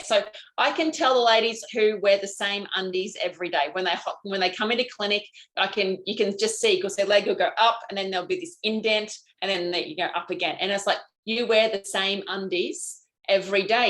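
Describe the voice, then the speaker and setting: A woman's voice: mid-range voice, a bit bright, poor audio. Aussie lady doing a live stream, bubbly and chatty, super frank, reading out comments. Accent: Australian. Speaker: host, lymphatic health practitioner. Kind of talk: live-stream chat answering viewer comments.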